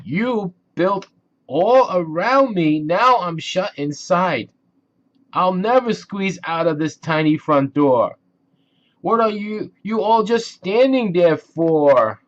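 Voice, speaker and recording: A man doing a pushy male moose for a storybook, loud and commanding. The voice sits well above the narrator's, with big swings in pitch. A dull, lo-fi recording with faint music under it. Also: sing-song, takes it slowly, exaggerated voice. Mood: whiny, upset. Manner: loud, commanding, shouting orders.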